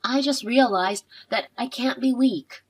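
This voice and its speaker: A woman narrating a scripted story in a measured, expressive way. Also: on the high side, breathy edge. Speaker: narrator voicing the wife.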